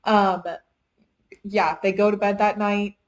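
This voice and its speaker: Casual young woman book reviewer, middle pitch, rambling plot recap. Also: flat delivery, takes it slowly, rough recording. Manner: chatty retelling, heavy use of "like". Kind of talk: casual chat.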